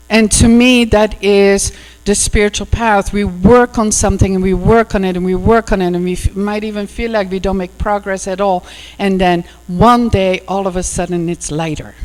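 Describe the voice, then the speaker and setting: A woman's voice: medium pitch, darkish tone. A woman minister giving a sermon and retelling a fairy tale in a conversational storytelling way, full of "you know" asides. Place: church hall. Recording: echoey hall with mains hum.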